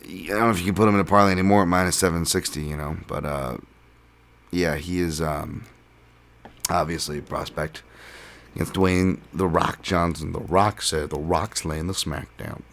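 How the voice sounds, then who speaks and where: Alone on his podcast, a man talks through his fight betting picks in a low, slightly bright voice at normal speed with fairly even intonation. The style is relaxed, full of fillers and false starts.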